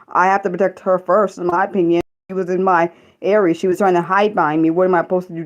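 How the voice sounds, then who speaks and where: A young woman chatting casually on a live stream, rambling and halting with many restarts and ums. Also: lowish voice, darkish tone, lo-fi sound.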